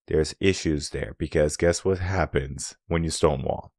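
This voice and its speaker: A man with a very deep voice talks through relationship advice as a coach. The sound is dry and close. He drives his points home with rhetorical questions and acts out snippets of dialogue. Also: moderate pace, few pauses, dry recording. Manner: acts out quoted dialogue in an animated way. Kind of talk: solo advice talk.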